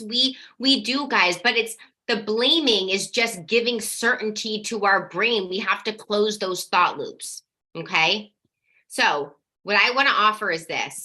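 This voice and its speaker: A woman hosting a live online coaching workshop, energetic and encouraging as she reads out viewer comments and affirms each one. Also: mid-range voice. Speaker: workshop host.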